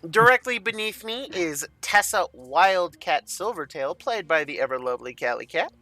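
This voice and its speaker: Casting: male game master, rambling and upbeat, bright voice. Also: high-pitched, animated, moderate pace, faint music behind. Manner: enthusiastic, rambling. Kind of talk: narrating a tabletop game.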